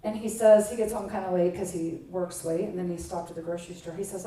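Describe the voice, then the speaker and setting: A woman's voice: on the low side, steady tone, fast talker, hardly any pauses, mellow, far from the mic. Chatty woman minister in an echoey hall. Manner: chatty and self-mocking, with playful acted-out quotes. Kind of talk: casual conversational sermon. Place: church sanctuary.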